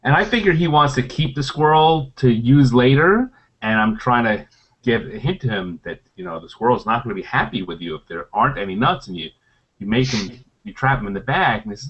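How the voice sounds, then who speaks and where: A man's voice: medium pitch, animated, fairly quick, a bit bright, slightly rough, muffled recording. A middle-aged man, a former game designer, telling anecdotes on a convention panel in a rambling way, with many fillers and restarts.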